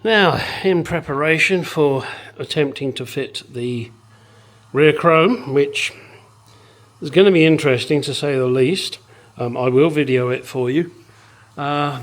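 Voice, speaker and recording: A man's voice: mid-range voice, low-quality recording. A man chatting casually and dryly as he restores a classic car in his workshop. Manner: dry, self-deprecating, swears casually. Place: home workshop.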